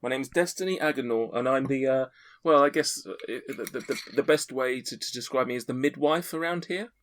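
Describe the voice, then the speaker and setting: A man's voice: medium pitch, fairly quick, pitched above the performer's own voice, close to an everyday voice. A man voicing an older female tiefling midwife in a tabletop game, stammering and motherly. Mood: warm.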